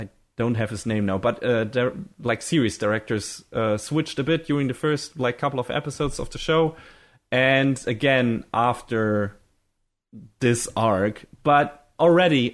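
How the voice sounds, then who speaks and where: A young man co-hosting a podcast, chatting casually and rambling with many fillers and casual swearing. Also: medium pitch. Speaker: podcast co-host. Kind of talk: casual chat.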